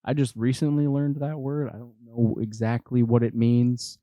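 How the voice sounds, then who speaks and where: A man's voice: medium pitch, steady tone, normal speed, dark tone, no room sound. A young man co-hosting a comedy podcast, teasing his friend in casual chat. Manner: teasing, playful.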